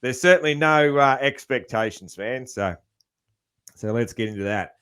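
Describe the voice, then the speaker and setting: A man's voice: medium pitch, normal speed, fairly bright tone, smooth. A man with a broad Australian accent hosting a podcast, laid-back and calling his guest "man.". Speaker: podcast host. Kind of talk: casual interview chat.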